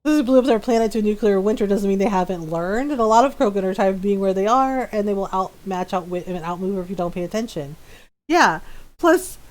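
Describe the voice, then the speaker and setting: A woman's voice: mid-range voice, expressive, fairly quick, a little mellow. A woman chatting casually while live-streaming a game, full of fillers and laughs.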